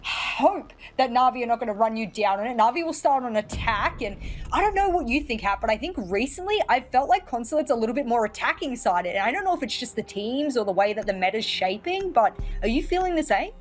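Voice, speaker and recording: Lively female esports caster, higher voice. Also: brisk, faint music behind. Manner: lively, teasing, confident calls. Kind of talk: live esports play-by-play commentary.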